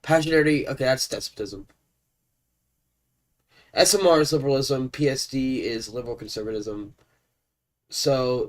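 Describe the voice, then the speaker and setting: A man's voice: mid-range voice, moderate pace, long pauses. Guy streaming a strategy game, stuffy allergy voice, gets hyped, trips over names reading the text. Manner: excitable, stumbles over names. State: congested with allergies. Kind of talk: live gameplay commentary and reading game text aloud.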